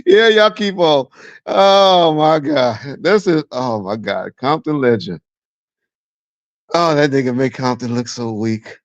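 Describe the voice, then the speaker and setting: A man hosting a live stream, reacting to a clip with loud mocking laughter and profanity. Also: mid-range voice, expressive, slow pace, no echo. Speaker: live show host. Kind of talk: casual live-stream commentary. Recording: dull dry lo-fi sound.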